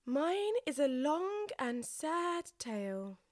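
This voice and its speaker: A woman's voice: a little high, huge pitch swings, normal speed, fairly bright tone, dry recording, studio quality. A woman voicing a touchy, severe female mouse who takes offence easily.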